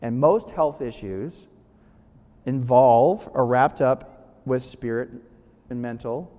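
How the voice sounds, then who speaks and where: A guest speaker with a warm, mid-range voice gives a slow-paced, casual motivational talk to a live audience. He often checks in with them and restarts phrases, and long hall reverb fills the recording.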